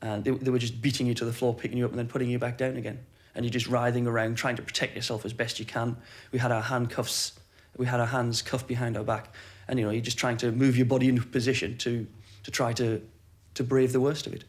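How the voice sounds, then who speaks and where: Guy telling his story in an interview, talks fast, pretty monotone, matter of fact. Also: mid-range voice. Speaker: former military aircrew interviewee. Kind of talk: documentary interview recollection.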